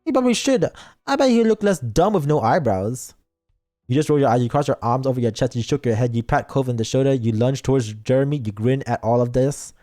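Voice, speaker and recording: A man's voice: medium pitch, lively intonation, fairly quick, dark tone, soft background music. A man streaming as a VTuber, reading a story game aloud and breaking off for teasing asides to chat. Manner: playful, reads lines aloud and reacts with teasing asides.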